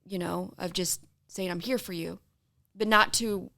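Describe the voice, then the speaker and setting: A woman and mother speaking in a casual podcast chat, soft-spoken and hesitant, reflecting on trust. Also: fairly low pitch, fairly even intonation, unhurried, gravelly.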